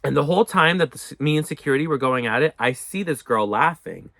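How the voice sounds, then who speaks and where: A young man telling a storytime in a casual, profane, animated way, acting out what people said. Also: a little high, fast talker, creaky, dry recording. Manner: animated, profane, acts out quotes. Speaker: storyteller vlogger.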